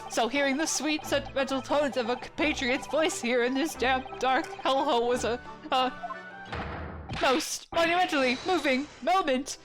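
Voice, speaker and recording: A woman's voice: sits high, moderate pace, close to an everyday voice. A woman voicing a jittery, dramatic young Japanese man who bursts into paranoid, theatrical outbursts, with game music behind. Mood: effusive.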